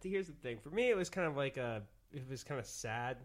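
A young man co-hosting a movie review podcast in a relaxed, rambling casual chat. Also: medium pitch, fairly quick. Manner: relaxed, rambling, lots of fillers like "like" and "uh".

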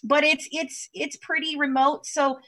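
Podcast guest, woman from Kentucky, higher voice, rambling storyteller on a video call. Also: flat delivery, unhurried, a bit bright. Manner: chatty storyteller with many fillers. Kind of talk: casual interview chat over video call.

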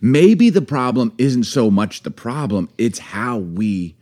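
A man's voice: mid-range voice, slow. A man in casual chat with his wife, acting out phrases in different voices and laughing often. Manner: animated, acts out lines in put-on voices, laughs often. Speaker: podcast co-host with his wife.

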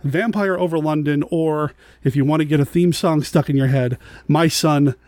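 A man's voice: a little high, moderate pace, a little mellow, dry recording, studio quality. A man hosting a podcast, talking in a friendly, upbeat way. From United States. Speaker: podcast host. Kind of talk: casual chat.

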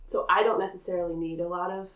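A woman co-hosting a casual chat, wry and quick to laugh. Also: on the low side, fairly even intonation, a bit bright. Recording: echoey room.

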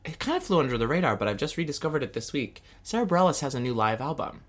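A man's voice: mid-range voice, very animated, very fast. A man co-hosting a casual pop-culture podcast, catty and theatrical, swearing a lot and mimicking the people he talks about. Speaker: podcast co-host.

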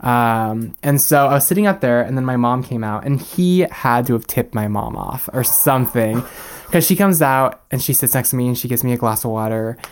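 Young male podcast guest, candid and chatty storyteller, average pitch. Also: lively intonation, normal speed, a little hiss or hum. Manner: candid, chatty, with many fillers. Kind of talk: casual storytelling.

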